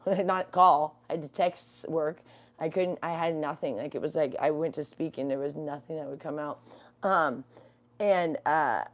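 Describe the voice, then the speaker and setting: Her low voice comes through as dull audio, and she talks a little slowly. She's a young adult woman co-hosting a livestream from home, rambling casually with plenty of fillers.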